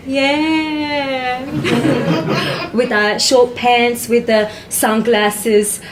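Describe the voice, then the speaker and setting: A woman's voice: a little high, fairly even intonation, extremely slow, low-quality recording. An actress playing a young woman newly arrived, speaking hesitantly with many ums on a small live stage. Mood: fond. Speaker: stage actor in verbatim theatre.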